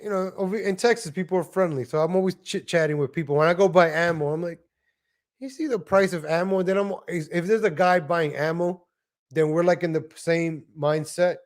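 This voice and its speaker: A man's voice: fairly high pitch, fairly even intonation, fairly quick. A man hosting a live stream, commenting on viral videos in a blunt, profane, ranting way. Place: lives in Texas.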